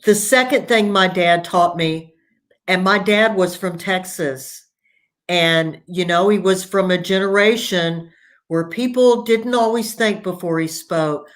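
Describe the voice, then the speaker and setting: A woman author as a guest on a live video chat, telling family stories in a warm, storytelling way, heard over a video call. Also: fairly low pitch, unhurried. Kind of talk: casual interview conversation.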